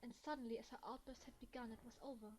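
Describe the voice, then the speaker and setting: A woman's voice: fairly high pitch, steady tone, quick pace, a little mellow, slight background noise, low-quality recording. A young German woman with a German accent, reading a visual novel aloud and reacting emotionally in between. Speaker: gaming let's player.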